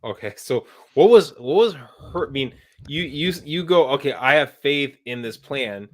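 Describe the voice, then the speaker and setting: A man's voice: medium pitch, animated, normal speed, a little hiss or hum. A man hosting a podcast, asking thoughtful, hesitant questions with restarts. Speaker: podcast host. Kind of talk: interview questions.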